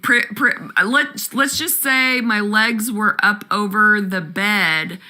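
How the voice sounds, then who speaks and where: A woman's voice: medium pitch, steady tone, slow pace, bright, forceful tone. A woman co-hosting a call-in podcast, chatting casually with callers in a candid, crude, laughing way. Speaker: podcast co-host.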